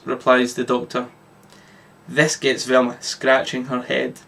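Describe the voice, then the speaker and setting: A man reading his own story aloud, with lively narration and occasional slips. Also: medium pitch, unhurried, creaky.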